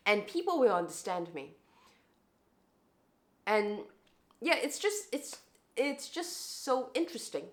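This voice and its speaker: A woman's voice: fairly high pitch, sing-song, slow pace, long pauses. A young woman with an international English accent, shaped by years in Hong Kong, chatting reflectively to camera in a casual vlog, often restarting her sentences. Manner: chatty and reflective, with frequent restarts and rising emphasis. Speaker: vlogger.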